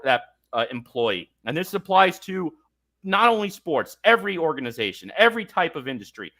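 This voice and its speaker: A man's voice: a little high, sharp tone. A man hosting a sports talk show, ranting in a fired-up, exasperated way about his team. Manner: fired-up, ranting, mocking quotes. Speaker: podcast host. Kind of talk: heated sports talk rant.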